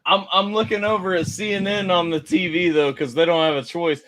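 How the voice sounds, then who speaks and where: Bright-voiced excited male streamer. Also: sits high, a little fast. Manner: excited storytelling, loud bursts. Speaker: stream host. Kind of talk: casual livestream chat.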